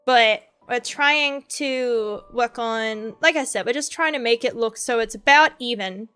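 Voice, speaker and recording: A woman's voice: a little high, a little slow, bright, forceful tone, clear, resonant tone, faint music behind. A young woman streaming while drawing, rambling in a frustrated, self-deprecating way into a desk mic. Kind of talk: casual chat while drawing.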